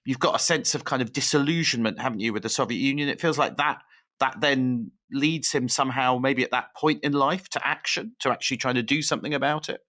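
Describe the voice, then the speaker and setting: Man, mid pitch, bright tense tone, summarizes and prompts, podcast co-host. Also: fairly quick. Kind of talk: conversational history discussion.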